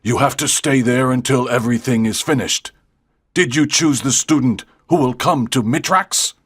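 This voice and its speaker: An actor playing a male alien leader who speaks from a screen, husky-voiced and bossy, in a graded-reader audiobook drama. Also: medium pitch, moderate pace, a bit bright, no echo, studio quality. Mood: commanding. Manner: bossy, urgent orders.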